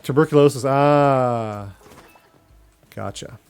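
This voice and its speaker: A man's voice: mid-range voice, slow, smooth. A young man streaming a game live, chatting casually with his viewers and reacting as he plays. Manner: chatty, reacting and talking to chat while playing.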